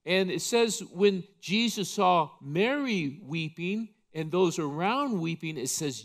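Unhurried, higher-voiced male pastor preaching. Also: expressive. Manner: impassioned, emphatic preaching. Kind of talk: sermon. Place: church.

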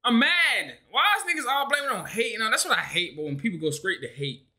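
Young guy reacting to a clip, bright voice, goes up and down a lot, ranting and annoyed. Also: high-pitched, big pitch swings, quick pace. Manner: exasperated, ranting, slangy. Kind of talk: casual reaction commentary.

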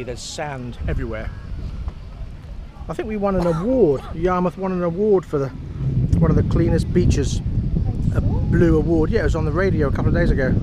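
A man chatting casually on a family vlog, joking and narrating to the camera outdoors. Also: fairly high pitch. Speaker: vlogger. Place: outdoors by a car and beach. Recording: loud outdoor noise.

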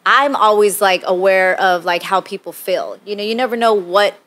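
A woman co-hosting a podcast, speaking softly and reflectively in a casual chat. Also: mid-range voice, moderate pace.

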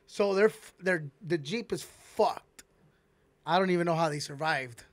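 A man hosting a podcast, telling a long story in a rambling, animated way and swearing heavily, on a close mic. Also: a little high, measured pace, no echo. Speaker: podcast host. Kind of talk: casual storytelling.

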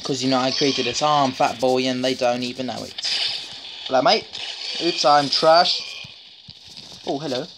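A woman's voice: rumbling low, a little slow, pauses often. A woman giving casual, jokey commentary while playing a mobile shooter, trash-talking opponents and letting out sudden yelps. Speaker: mobile game streamer. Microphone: phone screen recorder. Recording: noisy phone recording with tapping clicks.

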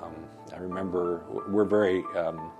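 A bereaved father speaking haltingly and thoughtfully in a documentary interview, pausing often. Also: deep voice, steady tone, music in the background. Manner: halting, reflective, many pauses.

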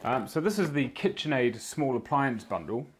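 A man with a New Zealand accent hosts a live prize draw, chatting easily with the viewers. His voice sits at an ordinary middle pitch. He keeps up a loose, friendly commentary while he reads out numbers. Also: animated, normal speed, slight background noise. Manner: chatty, easygoing, talks to viewers in the chat while working.

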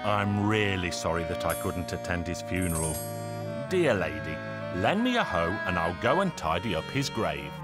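A man's voice: low voice, sing-song, normal speed. A man voicing a sly old man who speaks in a coaxing, mock-polite way over fiddle music. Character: sly poor old man, persistent friend. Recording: folk fiddle music behind.

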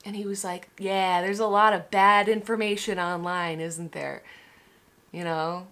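A woman's voice: medium pitch, steady tone, a little slow, a bit bright. A young woman vlogger telling a personal story candidly, swearing and restarting often. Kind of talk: emotional personal story vlog.

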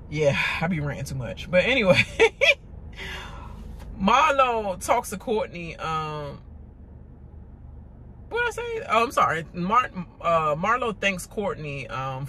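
A woman hosting a casual TV recap rant, animated and mocking, with lots of laughter and stammered fillers. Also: deep voice, slight background noise. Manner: stammering filler-heavy delivery. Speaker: reality TV recap host.

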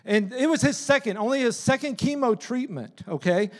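A man preaching a sermon in a church as a missionary, with an excitable, emphatic delivery. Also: very high-pitched, moderate pace. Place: church sanctuary.

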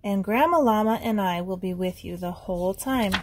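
A woman voicing a kind, encouraging mother llama in a storybook read-aloud, in a gentle, reassuring manner. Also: mid-range voice, normal speed, slight background noise, natural voice.

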